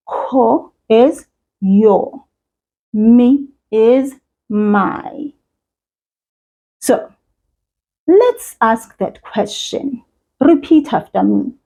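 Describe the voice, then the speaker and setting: A woman's voice: a little high, narrow, tinny audio. A woman with a South African accent teaching a beginner language lesson for children, speaking in a patient, encouraging way.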